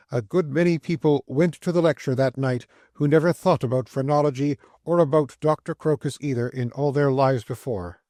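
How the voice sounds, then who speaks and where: A man reading a classic travel memoir aloud as an audiobook narrator, in measured, descriptive storytelling. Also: mid-range voice, a little mellow, no room sound, clean studio sound.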